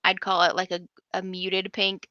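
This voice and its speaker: Woman game master; bright, chatty, dry lo-fi. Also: mid-range voice, completely flat delivery, normal speed, dry recording. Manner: chatty, many ums. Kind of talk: narrating a tabletop game.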